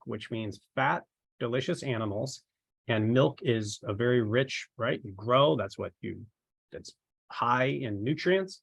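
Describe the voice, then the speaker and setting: A man's voice: mid-range voice, measured pace, creaky, no room sound. A man as a trainer, giving an informal, rambling talk to his team and tossing in rhetorical questions. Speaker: ministry marketing trainer.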